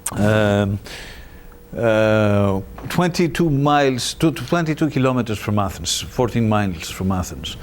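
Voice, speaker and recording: A man retelling an ancient myth in a lecture, animated and halting with fillers. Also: medium pitch. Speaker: presenter.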